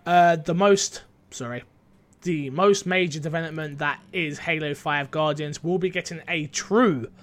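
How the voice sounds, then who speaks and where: A man's voice: on the high side, unhurried, a bit bright. Chatty man stumbling through gaming news. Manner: rambling, stumbling over words, playful. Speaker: co-host reading gaming news. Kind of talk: casual gaming news chat.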